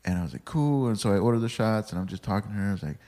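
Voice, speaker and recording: A man's voice: fairly low pitch, very fast, warm tone. A young man chatting casually, telling a story in a loose, rambling way with lots of swearing. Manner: rambling, laid-back, swears a lot. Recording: long hall reverb.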